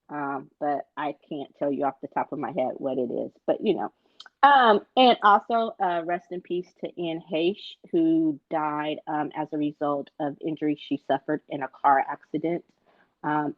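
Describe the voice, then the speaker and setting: A man's voice: a little high, no echo, muffled recording. A male co-host chatting casually about pop culture news, playful and teasing, with many fillers.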